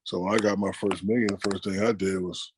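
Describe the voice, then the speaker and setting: A middle-aged man, an interview guest, telling stories in a relaxed, conversational way and acting out the people he quotes. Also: sits low, fairly quick, noisy background. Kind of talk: casual storytelling.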